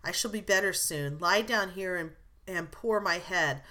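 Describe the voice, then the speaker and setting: A woman's voice: fairly low pitch, unhurried. Woman reading a shy, tearful teenage girl. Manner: soft, tearful and hushed. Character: shy, gentle teenage girl in quiet distress. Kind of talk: audiobook character reading.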